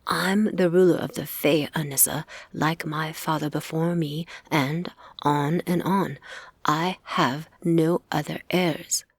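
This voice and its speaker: A woman voicing a stern male Fae king who disapproves of his daughter, in a low, hushed and measured delivery. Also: fairly even intonation, slightly rough, dry recording, exaggerated voice.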